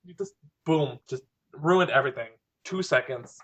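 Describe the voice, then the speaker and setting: A young man talking casually, winding through his thoughts with plenty of "like" and "um" and a dry, joking edge. His voice sits at a middling pitch for a man. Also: moderate pace, fairly bright tone, muffled recording. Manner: rambling, filler-heavy, dry humor. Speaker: podcast co-host discussing fan fiction. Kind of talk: casual chat.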